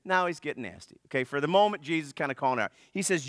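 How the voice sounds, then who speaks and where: A man's voice: on the high side, expressive, fast talker, hardly any pauses, fairly bright tone, no echo, clean studio sound. A man preaching a sermon as pastor, in a joking, conversational manner. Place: church.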